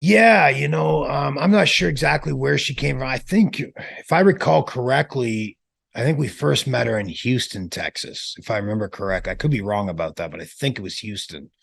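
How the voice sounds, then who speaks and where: A middle-aged man, a former wrestler, telling relaxed, rambling stories in an interview. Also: mid-range voice, moderate pace, gravelly, breathy edge. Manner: relaxed, rambling, many restarts. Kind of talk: casual storytelling.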